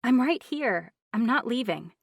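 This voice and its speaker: A woman's voice: expressive, unhurried, vocal fry, slightly rough, heavily acted. A woman voicing an anxious young assistant. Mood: reassuring. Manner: high, urgent, reassuring.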